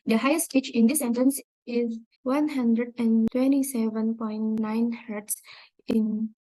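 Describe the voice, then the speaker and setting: A woman's voice: a little high, fairly even intonation, measured pace, mellow, no room sound, low-quality recording. A young woman whose first language is Indonesian, a student presenting an exam project in a screen-recorded walkthrough, carefully reading out measurements step by step. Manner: careful, reads out numbers step by step.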